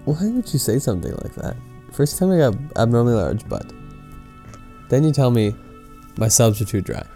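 A man's voice: medium pitch, sing-song, moderate pace, dark tone, faint music behind. A young man co-hosting a podcast, answering his partner's teasing with dry, exasperated complaints. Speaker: podcast co-host. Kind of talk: casual podcast banter.

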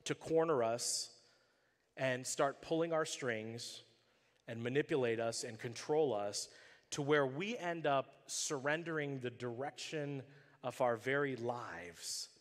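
The room sounds big around this pastor, whose voice sits a little high. He brings his sermon to life through animated stories, voicing the characters himself.

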